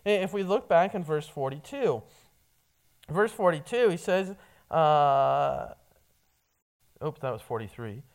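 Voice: medium pitch, expressive, slow pace, gravelly, long pauses, a little mellow. A preacher giving a sermon, often stumbling and repeating words as a phrase begins.

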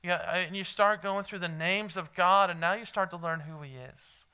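Bright-voiced male pastor preaching earnestly. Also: high voice, moderate pace, hardly any pauses, clear, resonant tone. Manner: earnest preaching with emphatic repetition; talks directly to listeners in the room. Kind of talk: sermon.

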